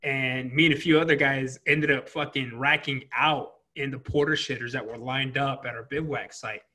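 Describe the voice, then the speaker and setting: A man with a bright, slightly husky voice tells profane stories from his service days. He talks loosely, with plenty of fillers and a laugh at the edges of his words. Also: mid-range voice, fairly even intonation, normal speed. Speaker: Marine veteran interviewer. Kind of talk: casual chat.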